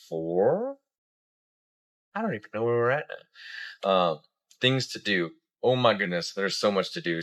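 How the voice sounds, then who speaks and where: A man's voice: sits low, fairly bright tone, clear, resonant tone. A man giving a casual travel review as a family vlogger, rambling with lots of fillers.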